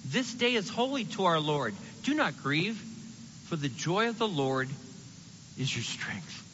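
A man preaching a sermon in an animated, conversational way, acting out the quotes he reads. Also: on the high side, unhurried, in a large hall, highs cut off, slight background noise.

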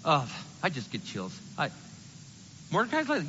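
A man preaching a sermon in an animated, conversational way, acting out the quotes he reads. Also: on the high side, a little slow, in a large hall, dull audio, slight background noise.

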